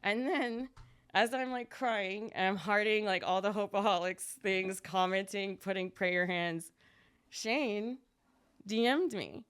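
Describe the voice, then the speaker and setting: A young adult woman, a podcast guest, telling her story in casual chat, chatty and quick, jumping higher when she acts out what others said. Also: a bit bright, clean tone.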